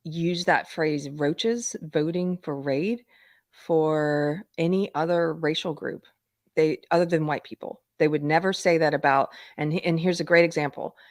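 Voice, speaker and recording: A middle-aged woman with a low voice hosts a live-stream talk show. She chats freely, drops sly asides and laughs often. The sound is dry and close to the mic. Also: dry recording. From United States. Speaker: host.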